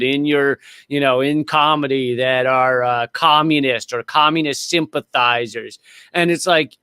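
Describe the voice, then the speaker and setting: A man who is a guest comedian, telling stories quickly and loosely in a casual chat. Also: mid-range voice, fairly bright tone, clean tone, no room sound, studio quality. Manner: rapid, storytelling, loose.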